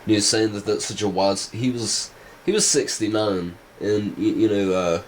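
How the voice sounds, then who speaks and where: A man's voice: lowish voice, steady tone, normal speed, slight background noise, rough recording. A man vlogging casual rambling commentary, hesitant and full of restarts. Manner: hesitant, many fillers and restarts.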